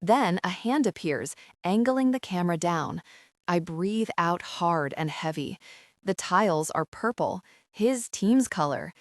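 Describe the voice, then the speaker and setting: A woman narrating a romance audiobook in the first person, slowing down and lingering over the heated passages. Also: on the low side, lively intonation, dry recording, studio quality.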